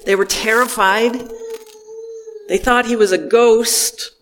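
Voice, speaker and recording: Slow-spoken high-voiced male preacher. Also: steady tone, in a large hall, a little hiss or hum. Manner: slow, gentle, pausing between phrases. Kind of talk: reflective sermon.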